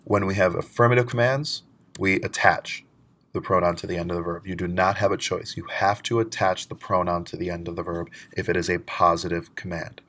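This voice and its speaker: A man with a very low, deep voice teaches a recorded lesson. He explains step by step and slows down whenever he models a word. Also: fairly even intonation, a bit bright. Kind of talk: recorded lecture.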